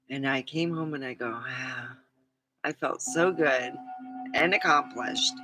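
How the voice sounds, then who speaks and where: A woman's voice: extremely low pitch, a bit bright, no echo, poor audio. A middle-aged woman vlogging in a casual, rambling chat, swearing freely and laughing at her own stories.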